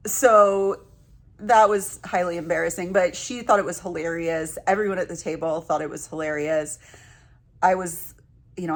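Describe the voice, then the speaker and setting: A woman vlogging in a casual, chatty way, telling self-deprecating stories with laughs. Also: medium pitch. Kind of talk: casual vlog chat.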